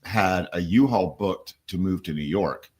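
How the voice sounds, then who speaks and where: A man's voice: sits low, unhurried, darkish tone. A man guest on a radio show, casually telling rambling stories about recording music and swearing offhandedly. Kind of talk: casual radio studio chat.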